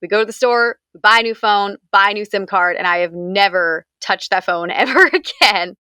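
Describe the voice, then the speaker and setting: A woman's voice: mid-range voice, moderate pace, pushed and bright, clear, resonant tone, no echo, clean studio sound. A young woman from the United States, candidly recounting a personal story in an interview, talking conversationally with frequent fillers.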